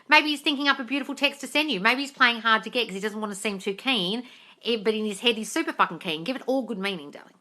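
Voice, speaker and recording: This Australian woman talks fast in a high, bright, forceful voice while doing a casual live Q&A as a manifestation coach. She reads questions from viewers aloud, replies bluntly and breezily, calls them darling, and swears without a second thought.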